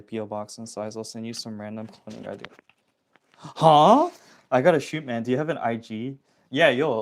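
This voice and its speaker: A young man talks loosely to his livestream chat at an everyday middle pitch. He is slangy and chatty, reading comments aloud straight into his phone. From Toronto area, Canada. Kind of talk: casual livestream chat with viewers.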